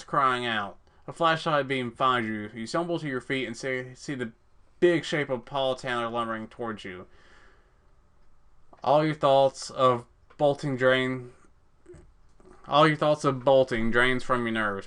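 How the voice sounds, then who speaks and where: A man with a bright, crisp voice reads a text-based game aloud for a let's play. He moves between dramatic narration and casual, foul-mouthed asides to the audience. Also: mid-range voice. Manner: reads narration in a dramatic voice, swears and cracks jokes between passages.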